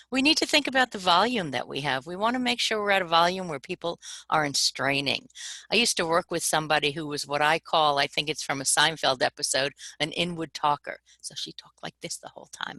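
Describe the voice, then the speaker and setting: A woman's voice: sits low, gravelly, bright, forceful tone, no echo, rough recording. A woman co-presenting a webinar workshop, talking in a demonstrative way and acting out voice examples for her audience.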